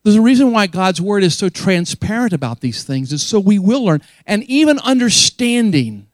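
A man's voice: sits high, big pitch swings, normal speed, no room sound. A man preaching a sermon as pastor, earnest and emphatic, often repeating key phrases for weight.

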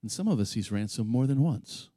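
In a dry recording, a pastor with a dark tone and lively intonation preaches a little fast. His sermon is passionate and emphatic, sprinkled with chatty asides to the congregation and rising to high, impassioned peaks as he quotes scripture.

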